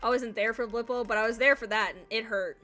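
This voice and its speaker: A woman's voice: on the high side, fast talker, bright, forceful tone, faint music behind. A woman streaming a video game, chatting casually and sleepily, swearing freely and laughing often. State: sleepy, yawning. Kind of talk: casual chat while playing a video game.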